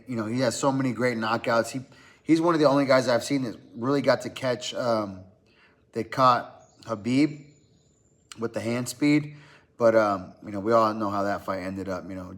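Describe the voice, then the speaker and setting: Male podcast host, casual fight-preview chat, relaxed and filler-heavy delivery. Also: mid-range voice. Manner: loose and conversational, lots of "man" and "uh". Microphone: podcast mic.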